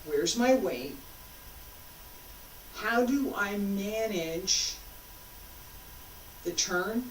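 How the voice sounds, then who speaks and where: A woman's voice: medium pitch, a little hiss or hum. A woman martial arts instructor talking a class through moves, patiently cueing each step as she demonstrates. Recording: roomy sound, mic far off.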